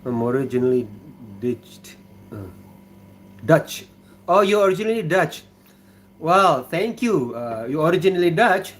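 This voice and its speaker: A man from Indonesia with an Indonesian accent, hosting a casual livestream from his kitchen, talking in a relaxed, halting way and reading viewer comments aloud. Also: on the high side, slight background noise. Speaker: livestream host.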